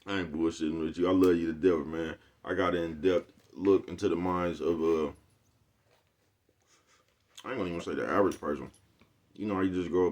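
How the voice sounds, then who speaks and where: A YouTube host with a deep, slightly mellow voice rambles loosely to his viewers. His talk is full of slang and swearing, he chuckles often, and he keeps circling back to the same catchphrase.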